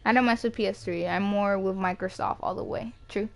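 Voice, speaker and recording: A woman streaming a racing game live, reacting excitedly, yelping and groaning as she races, on a home mic with some static. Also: medium pitch, brisk, creaky. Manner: excitable, yelps and groans at the race. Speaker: gaming streamer. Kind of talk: live gameplay commentary.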